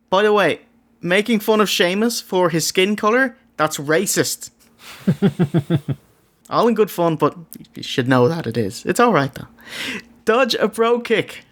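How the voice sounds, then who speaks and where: Irish man, wry scripted recap, higher-pitched voice, dry jokes. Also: fairly bright tone. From Ireland. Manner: sardonic, jokey, mock-irreverent asides. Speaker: wrestling review co-host. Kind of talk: scripted comedic review narration.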